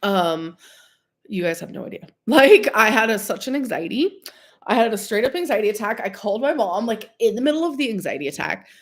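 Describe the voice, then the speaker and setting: A woman's voice: on the high side, big pitch swings, brisk. A young woman, a live streamer, chatting casually with viewers in a rambling, filler-heavy way while sick. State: sick with a cold-like illness.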